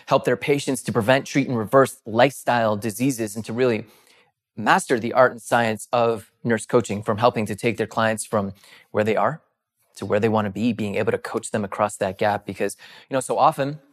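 A middle-aged man co-hosting a podcast, explaining things eagerly and quickly in casual chat. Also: on the low side. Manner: excited, rapid explaining. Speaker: podcast co-host.

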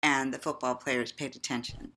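A woman's voice: rumbling low, flat delivery, moderate pace. A woman co-hosting a podcast, chatting and telling a personal story with frequent laughs. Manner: chatty and warm-humored, laughing often. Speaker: podcast co-host. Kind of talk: casual chat and personal storytelling.

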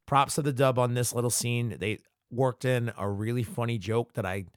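Dude hosting a podcast, chill slangy recap, swears a lot, dry no-room sound. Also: male voice, mid-range voice, steady tone, normal speed, dry recording. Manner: loose, slangy, profane, retells scenes. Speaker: podcast host. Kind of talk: casual fan commentary.

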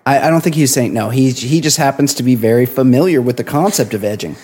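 A man co-hosting a casual podcast, reading listener emails and chatting with a halting, laughing manner. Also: medium pitch, darkish tone. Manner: rambling, laughs often, halting restarts. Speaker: podcast co-host.

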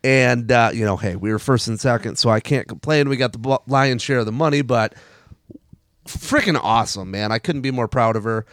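A man hosting a casual sports podcast, animated and argumentative. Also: mid-range voice, brisk, no echo, studio quality. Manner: animated, argumentative, laughs often. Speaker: podcast host.

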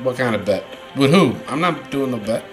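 A man hosting a wrestling podcast, talking loud and ranting with lots of swearing. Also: mid-range voice, expressive, moderate pace, faint music behind, rough recording. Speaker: podcast host. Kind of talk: casual wrestling podcast chat.

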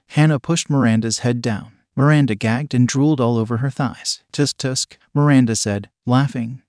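A man reading an erotic story aloud in a steady, unhurried voice. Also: mid-range voice, dry recording, clean studio sound. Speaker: narrator.

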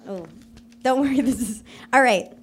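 A young woman co-hosting a live comedy podcast, quick and teasing, often acting out quotes with laughs. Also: a little high, husky. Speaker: podcast co-host. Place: live show in front of an audience.

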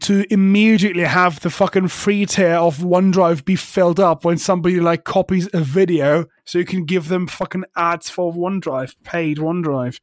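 Podcast co-host, man, slightly high voice, sarcastic sweary rants, dead dry room. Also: steady tone, moderate pace, hardly any pauses, dry recording. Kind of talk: casual tech podcast chat.

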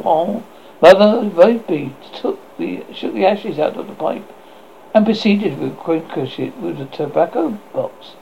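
Male horror host, story reader; gravelly, lively pitch, stumbles and self-corrects; dull lo-fi recording. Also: slow pace. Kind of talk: story reading. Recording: dull lo-fi with faint noise.

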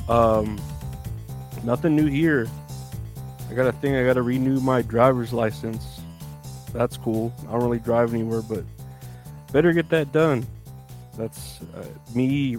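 A man's voice: mid-range voice, a little mellow. A man hosting his own podcast in loose casual chat, rambling with lots of fillers and joking at himself. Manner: rambling, filler-heavy, self-mocking. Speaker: podcast host.

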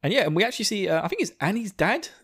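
A man's voice: high-pitched, very animated, racing, a bit bright, slightly rough. A young man from England with an Essex accent, hosting a podcast in casual, self-mocking chat and laughing often. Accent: Essex English. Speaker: podcast host.

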